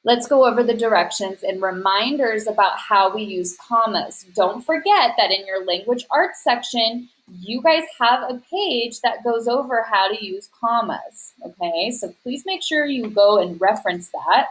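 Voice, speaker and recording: A woman's voice: fairly high pitch, lively intonation, measured pace, few pauses, a bit bright, poor audio. Patient woman teaching a class. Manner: patient, explaining step by step; addresses students directly. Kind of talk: recorded class lesson.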